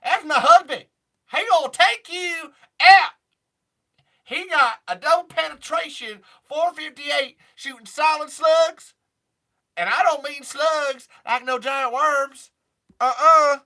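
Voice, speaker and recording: A tough, brassy ranch woman, as a man puts her on for laughs, bold and defiant. She drawls in a loud, high twang. It is a broad comic impression. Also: takes it slowly, full character voice. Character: brassy feisty Southern woman, tough single mom.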